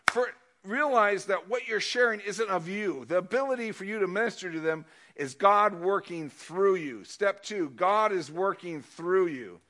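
A man preaching a casual sermon, moving between loud emphasis and quiet asides, often repeating words as he goes. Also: sits high.

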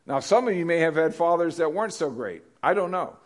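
A man's voice: on the high side, lively intonation, brisk. A male pastor preaching a conversational sermon, often repeating questions to the congregation.

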